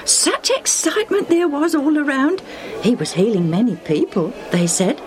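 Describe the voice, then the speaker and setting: A woman voices a joyful, gushing grown man in a storybook radio reading. His voice sits high and swoops with excitement, and he pours out his feelings eagerly. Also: moderate pace, over music, poor audio. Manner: bright, gushing, emotional. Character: cheerful eager grown man, a healed believer.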